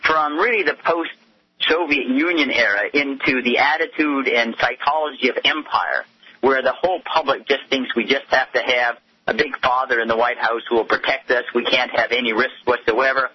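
A man's voice: mid-range voice, normal speed, breathy edge, highs cut off. A man speaking as a guest on a talk radio show, arguing in an impassioned, indignant way over the phone. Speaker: guest commentator.

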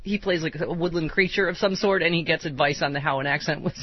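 A man's voice: fairly high pitch, fast talker, slight background noise. A man hosting a comedy radio show, teasing his co-hosts and laughing often in casual banter. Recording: dull lo-fi radio audio.

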